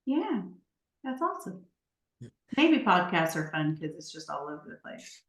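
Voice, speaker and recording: A woman's voice: lowish voice, big pitch swings, moderate pace. A woman co-hosting a podcast in casual chat, sassy and teasing. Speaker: podcast co-host. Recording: roomy echo.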